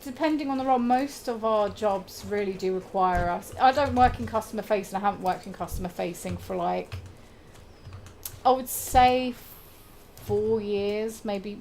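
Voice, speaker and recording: A woman's voice: mid-range voice, moderate pace, slight background noise. A woman chatting casually and teasing while streaming a game, giggly and self-mocking. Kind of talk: casual chat while gaming. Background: loud game music.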